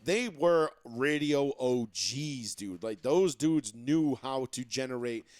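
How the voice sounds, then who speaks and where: A man's voice: medium pitch, lively intonation, slow, a little mellow, dry recording. A man in his thirties from Massachusetts, co-hosting a sports podcast in a profane, rambling casual chat full of restarts. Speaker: podcast co-host. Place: studio.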